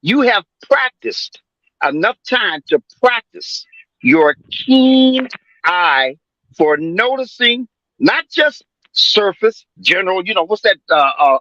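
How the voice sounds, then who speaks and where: A man in his seventies with a high, bright voice holds forth on a boxing panel, swinging his pitch up and down as he rambles emphatically. He stumbles into fillers and restarts. His voice comes through slightly dull online call audio in a dry, close setting. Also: no room sound. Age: 70s. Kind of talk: casual profane sports debate.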